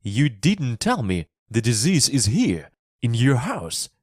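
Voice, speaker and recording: During a storybook reading with character voices, a man fully performs a serious young Englishman, speaking gravely and pitching above his own natural voice. The delivery is mid-range, very animated and slow, recorded clean in a studio with no room sound.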